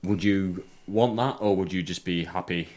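An English man with a very low voice talks in a loose, rambling way, doubling back on his own words as he jokes with friends. He hosts a casual podcast chat from an attic room. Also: normal speed, a little mellow. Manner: rambling, jokey, repeats words.

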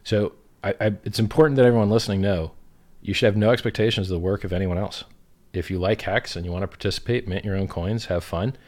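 A man with a lowish voice talking bluntly in a casual podcast chat. He is emphatic and opinionated, and he swears freely as he explains things. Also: fast talker, darkish tone.

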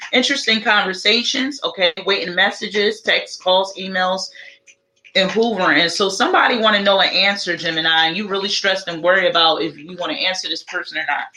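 A woman with a bright, clear tone gives a casual live tarot reading. She talks in a chatty, looping way, repeating her questions and thinking aloud as each card turns up. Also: medium pitch, rough recording. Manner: chatty, repetitive, thinks aloud while drawing cards. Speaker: tarot reader.

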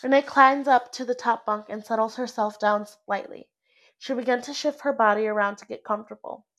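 A woman's voice: on the high side, steady tone, a little fast, a bit bright. A young woman casually reading a story aloud, laughing often and breaking off to comment. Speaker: reader.

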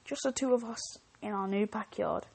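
A woman's voice: medium pitch, normal speed, creaky, darkish tone, husky. A woman podcast host reading online stories aloud, with chatty, joking asides and frequent self-interruptions.

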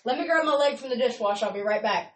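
A woman telling stories in casual stand-up, loud and laughing, swearing freely. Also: a little high, animated, fast talker, noisy background. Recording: echoey room from a distance.

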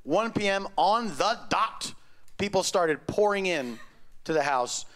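A middle-aged man telling a stand-up story on stage, wry and deadpan with sudden loud outbursts. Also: high voice, a little slow. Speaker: stand-up comedian. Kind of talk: stand-up comedy set. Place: comedy club stage before a live audience.

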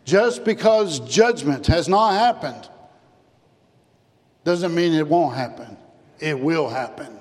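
A man preaching a sermon as pastor, emphatic, repeating phrases and dropping low and soft on key words. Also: expressive, slow pace, pauses often, in a large hall. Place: church.

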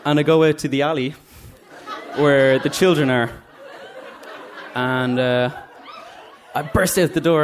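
A man's voice: medium pitch, brisk, some chatter behind, slight background noise. A man from Dublin with a Dublin Irish accent, telling a funny, self-mocking story live onstage and acting out the voices. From Dublin, Ireland. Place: stage at a live story night.

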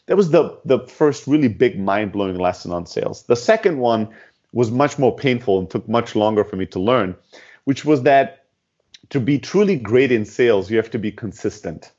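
A man who runs a startup, telling stories in a podcast interview in an animated way, swearing freely and acting out dialogue. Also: medium pitch, moderate pace, lo-fi sound. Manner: animated, profane, acts out dialogue. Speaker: guest, startup CEO.

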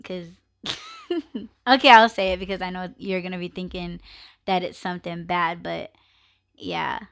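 A woman's voice: lowish voice, normal speed, creaky, fairly bright tone. A woman hosting her own live podcast, chatting casually and ranting with plenty of swearing and laughter. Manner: ranting, profane, laughs often. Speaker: podcast host.

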